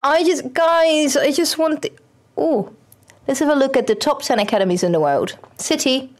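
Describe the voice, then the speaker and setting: Chatty, excitable young woman streamer. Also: high-pitched, moderate pace. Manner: excitable, chatty, talks to the game. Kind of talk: casual game commentary.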